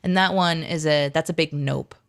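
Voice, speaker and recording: Woman co-host, thirties, rambling animated storyteller, slightly low voice, casual live chat. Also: normal speed, vocal fry.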